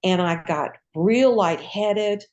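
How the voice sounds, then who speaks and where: A woman's voice: mid-range voice, slow pace, darkish tone. An older woman, a retired nurse, telling her story in a casual interview, acting out dialogue and laughing often.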